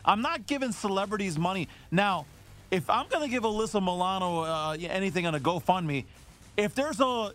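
A man's voice: sits high, animated, normal speed, a bit bright. A man working as producer and co-host on a sports talk radio show, bantering with wisecracks.

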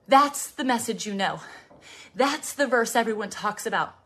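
A woman's voice: fairly high pitch, lively intonation, moderate pace, a bit bright. A woman, out of breath as she pedals an exercise bike, preaching with passion and often dropping to a whisper. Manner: passionate, fervent, dips into whispers. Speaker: preacher and fitness host. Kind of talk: devotional preaching while riding an exercise bike.

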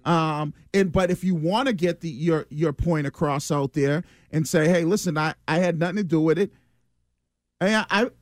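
A man's voice: fairly high pitch, moderate pace, no room sound. A co-host on a live-stream talk show who explains things patiently and hedges his views.

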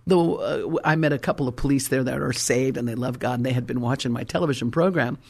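Husky-voiced fervent male preacher. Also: medium pitch, quick pace. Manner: fervent, storytelling, rhyming emphasis. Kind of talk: sermon.

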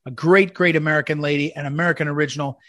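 A man's voice: a little high, steady tone, very fast, fairly bright tone, no echo, clean studio sound. A man hosting a commentary segment, telling rambling, anecdotal stories in a eulogy style. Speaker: commentary host.

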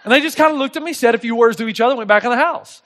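A middle-aged male pastor preaching a sermon, telling stories in an animated way and acting out the voices of people in them. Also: very high-pitched, very fast, a little hiss or hum. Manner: animated storytelling, acts out voices in anecdotes.

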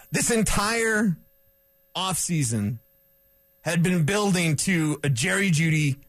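A man hosts a sports talk show in a fairly high voice, venting his opinions bluntly and with plenty of feeling. The sound is dry and close, with no room echo. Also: animated, takes it slowly, long pauses, fairly bright tone. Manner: ranting, blunt and emotional. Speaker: sports radio host.

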